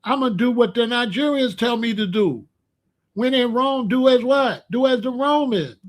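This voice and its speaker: A man giving casual, animated commentary with emphatic repetition and sudden loud outbursts. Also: very high-pitched, normal speed. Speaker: commentary vlogger.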